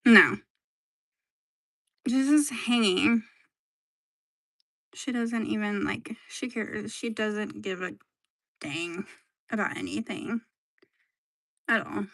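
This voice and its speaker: A woman chatting casually on a livestream at home while showing her pets, soft-spoken, sighing often and slipping into whispers. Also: mid-range voice, slow, creaky, long pauses, no room sound, studio quality.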